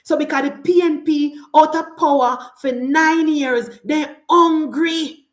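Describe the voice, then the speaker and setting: A woman's voice: high-pitched, steady tone, unhurried, echoey room. A Jamaican woman in her forties giving a fiery, opinionated political monologue, full of repeated lines and rhetorical questions. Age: 40s. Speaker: political commentator.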